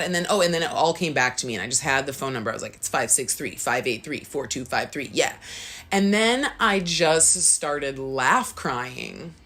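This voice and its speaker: A woman co-hosting a casual spiritual podcast, telling a personal story earnestly and acting out her own thoughts in a higher voice. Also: normal speed, a bit bright. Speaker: podcast co-host.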